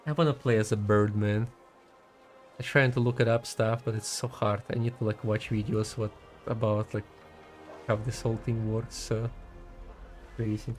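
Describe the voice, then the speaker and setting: A man's voice: lowish voice, level tone, normal speed, long pauses, soft background music. A man giving casual gaming commentary as a streamer, chatty and giggly, rambling as he talks.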